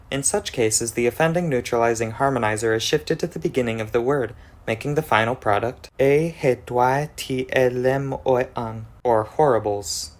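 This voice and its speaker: Man, mid-pitched, methodical, scripted explainer, stepwise tutorial narration. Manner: methodical, steps through examples. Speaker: conlang presenter.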